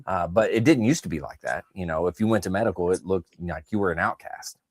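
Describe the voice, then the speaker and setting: A middle-aged man talks like a retired Marine swapping stories on a podcast. His voice sits low, and it is recorded close and dry with no room sound. He rambles with fillers and easy asides. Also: animated, fast talker, no room sound. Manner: conversational, filler-heavy, reads audience comments aloud. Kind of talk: casual chat.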